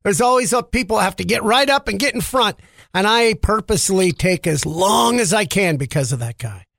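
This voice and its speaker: A man's voice: sits high, lively intonation, moderate pace, vocal fry, a bit bright, no echo, clean studio sound. A man hosting a podcast, delivering a comedic monologue and grumbling wisecracks about pet peeves. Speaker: podcast host.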